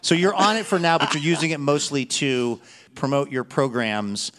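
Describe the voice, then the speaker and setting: A man's voice: fairly high pitch, normal speed, a bit bright. A man hosting a radio show, asking a guest questions in an easygoing way with some "uh" hesitations. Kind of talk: interview questions.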